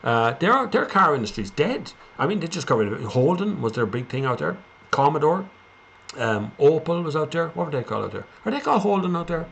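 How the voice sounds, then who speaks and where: A man's voice: on the high side, very animated, a little fast, vocal fry, a bit bright, a little hiss or hum. An Irish man hosting a live stream, chatting casually and rambling as he reads out viewer comments.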